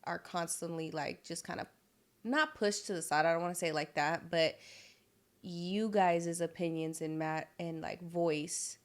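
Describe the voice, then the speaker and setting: Chatty woman podcast host, low voice. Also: unhurried. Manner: relaxed, chatty questions with casual slang. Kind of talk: casual podcast interview.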